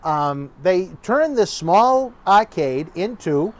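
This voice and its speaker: Male studio host, high and lively pitch, reminiscing casually. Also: slow. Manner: chatty, eager, feeds the guest lines. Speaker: interview host.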